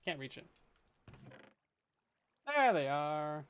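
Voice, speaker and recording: Speaking very slowly with big pitch swings, this young man from Canada has a slightly high, clear, resonant voice, though the recording sounds lo-fi. He streams a survival game from his hot bedroom, offering casual commentary and joking at his own expense with viewers.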